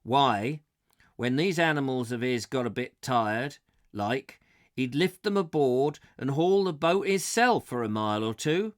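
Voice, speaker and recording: A man's voice: mid-range voice, animated, unhurried, dry recording, clean studio sound, lightly acted. A man voicing an old canal boatman with a West Country accent, spinning folksy tales in rustic dialect. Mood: boastful.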